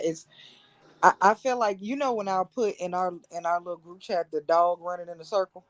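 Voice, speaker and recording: A woman's voice: on the low side, fairly even intonation, a little fast. A woman in a casual chat who sounds weary and exasperated.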